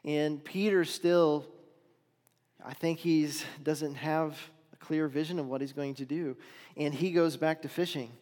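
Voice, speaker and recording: A man preaching a sermon, retelling a story with dramatic swings between loud and hushed delivery. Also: on the high side, fairly even intonation, unhurried, long reverb tail.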